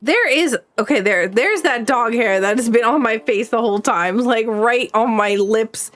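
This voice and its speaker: High excitable woman streamer. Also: normal speed. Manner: excitable, gasping and exclaiming. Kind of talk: live game commentary.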